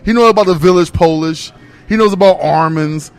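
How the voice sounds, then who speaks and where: A man co-hosting a radio show, telling an emphatic, animated complaint story. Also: high voice, fairly quick. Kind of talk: casual comedic rant.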